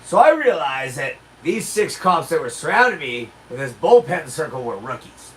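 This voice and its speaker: Brash man, lively voice, a bit off-mic. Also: on the high side, moderate pace, distant mic, a little hiss or hum, rough recording. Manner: brash, crude, boastful. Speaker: livestream host. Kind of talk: casual storytelling. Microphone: handled desk mic.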